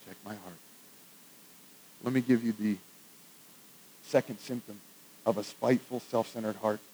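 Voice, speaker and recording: A pastor preaching a conversational sermon to a congregation, swinging from hushed, soft remarks to loud, emphatic lines. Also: male voice, medium pitch, flat delivery, moderate pace, a little hiss or hum, rough recording. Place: church with congregation.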